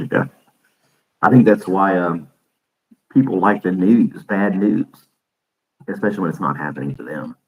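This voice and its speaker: A man's voice: low voice, expressive, measured pace, long pauses, phone-quality sound. A man hosting his podcast in casual live-stream chat, rambling and chuckling often into a desk microphone. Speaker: podcast host.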